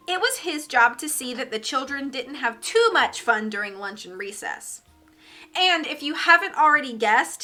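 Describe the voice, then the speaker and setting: A woman streamer reading a children's book aloud, lively and doing character voices. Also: high voice.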